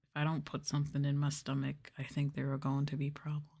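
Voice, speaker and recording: Soft-spoken woman rambling in ASMR chat. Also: low-pitched, monotone, fast talker, creaky. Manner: soft, rambling, chatty with frequent fillers. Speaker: streamer.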